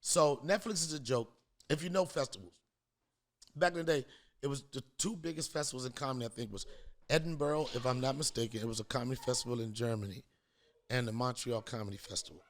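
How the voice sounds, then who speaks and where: A man's voice: medium pitch, fast. Joking podcast host, a man, loose talk. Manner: hyped show intro. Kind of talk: casual comedic podcast chat.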